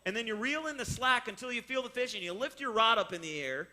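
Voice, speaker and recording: Guy with a high bright voice telling a fishing story, gets animated and does the voices. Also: fast. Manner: explaining. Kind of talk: personal story told to listeners.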